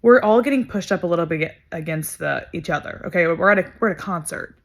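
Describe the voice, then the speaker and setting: A woman's voice: lowish voice, quick pace. A young adult woman vlogger telling a story to camera in a casual, emphatic way, swearing freely and using lots of fillers.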